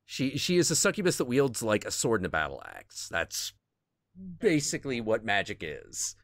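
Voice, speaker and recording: A man hosts a casual stream and rambles profanely about comics. His pitch swings widely as he talks. The sound is dry and close, with no room around it. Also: moderate pace, dry recording. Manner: profane, rambling, animated, searching for things mid-talk. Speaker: stream host.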